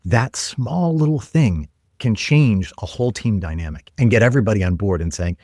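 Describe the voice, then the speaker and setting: A man telling work stories as a podcast guest, earnest and energetic, acting out quoted lines. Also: lowish voice, normal speed, few pauses, dry recording, clean studio sound. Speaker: guest, tech leader. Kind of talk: conversational podcast storytelling.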